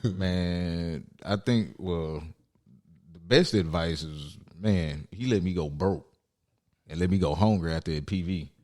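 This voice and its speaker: A man's voice: low voice, measured pace. A young man co-hosting a podcast, chatting casually and acting out quotes as he tells stories. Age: young adult. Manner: animated storyteller, acts out quotes. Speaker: podcast co-host. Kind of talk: casual chat.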